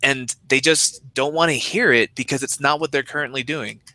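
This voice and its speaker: Male podcast co-host, sharp bright tone, recorded dry and close, measured and agreeable. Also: medium pitch, no echo. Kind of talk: casual podcast discussion.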